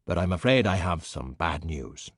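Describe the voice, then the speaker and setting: A man voicing an unflappable skeleton detective who speaks with deadpan, dry wit. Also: sits low, moderate pace, no room sound, voice pushed down. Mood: polite.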